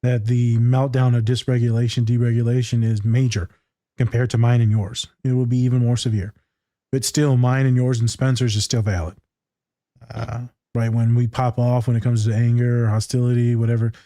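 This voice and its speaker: A man's voice: medium pitch, level tone, normal speed, warm tone, no room sound, clean studio sound. A man hosting a podcast, talking candidly and casually with a lot of swearing. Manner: candid and heavy on profanity. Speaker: podcast host.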